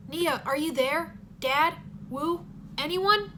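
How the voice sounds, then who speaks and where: A woman's voice: high-pitched, slow, pushed and bright, a little hiss or hum, pitched above the performer's own voice, heavily acted. A woman voicing an earnest young male ninja who sounds a little apologetic. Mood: worried.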